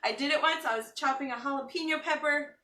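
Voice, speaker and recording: A woman's voice: sits high, fast talker, bright, forceful tone, distant mic. A woman hosting a casual live cooking stream from her home kitchen, joking and chatting as she works with teary eyes. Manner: chatty and joking, reads viewer comments aloud. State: teary from chopping onions. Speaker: cooking show host. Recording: echoey kitchen, off-mic.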